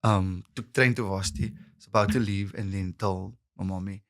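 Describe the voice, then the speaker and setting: Animated Cape Town comedian telling stories. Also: male voice, low voice, moderate pace. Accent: Cape Town South African. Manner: animated storyteller acting out voices, bursts of laughter and shouts. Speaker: podcast guest, comedian. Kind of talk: casual storytelling conversation.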